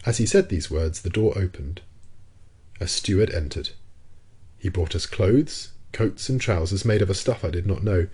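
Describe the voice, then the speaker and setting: Man for classic audiobook narration: measured and steady, deep voice with a husky grain. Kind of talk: scripted narration of a classic novel.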